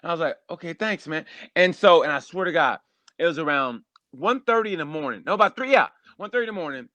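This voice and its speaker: High-energy animated man telling stories. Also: fast talker, dry recording. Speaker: guest comedian. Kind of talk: casual podcast chat.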